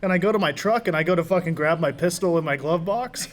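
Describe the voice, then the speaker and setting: A man co-hosting a podcast, telling a profane story in animated, casual banter. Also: a little high, fast. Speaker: podcast co-host.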